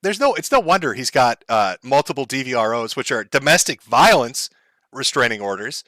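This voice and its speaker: Male streamer host, crude mocking commentary, bright tense tone, dry close sound. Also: mid-range voice, big pitch swings, moderate pace, no echo. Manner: mocking, crude, laughs often. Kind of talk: profane comedic commentary.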